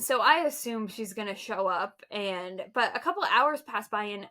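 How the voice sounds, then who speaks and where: Bright-voiced woman telling animated stories. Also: on the high side, a little slow. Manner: animated storytelling, laughs often. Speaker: podcast co-host. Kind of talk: casual chat.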